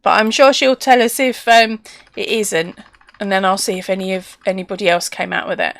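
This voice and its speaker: A woman's voice: medium pitch, fairly even intonation, a little fast, gravelly, a bit bright, no room sound. A woman hosting a casual live stream, chatty and laughing often as she reads out viewer comments.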